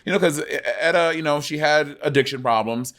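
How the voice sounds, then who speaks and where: A man's voice: a little high, fairly quick, a bit bright. A man co-hosting a podcast in casual chat, rambling and musing with many fillers over a video call. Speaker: podcast co-host. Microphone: podcast mic on video call.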